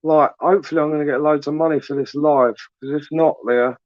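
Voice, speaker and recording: A man's voice: on the high side, steady tone, a little fast, no echo. A young southern English man hosting a late-night livestream, chatting casually and teasingly as he reads out viewers' comments. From England. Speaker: livestream host. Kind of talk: casual live chat reading comments. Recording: dry, dull lo-fi sound.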